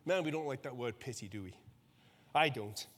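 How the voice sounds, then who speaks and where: A man's voice: mid-range voice, animated, normal speed, fairly bright tone. A male pastor preaching a sermon in a conversational way. He checks in with the listeners and repeats words as he goes. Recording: long hall reverb.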